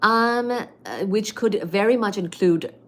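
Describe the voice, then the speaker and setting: A woman hosts a casual livestream, reading viewers' comments one after another and answering each. She is chatty and playful, warm with her regulars, and her voice sits at a middling pitch. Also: unhurried. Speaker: livestream host. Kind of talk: reading live chat comments.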